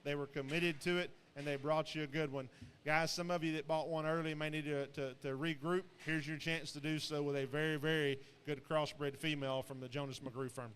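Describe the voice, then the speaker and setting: A man's voice: a little high, fairly even intonation, fairly quick, a bit bright, slight background noise. A man doing rambling, folksy live commentary at a show pig sale, full of fillers and restarts. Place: livestock sale barn. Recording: long echo of a large hall.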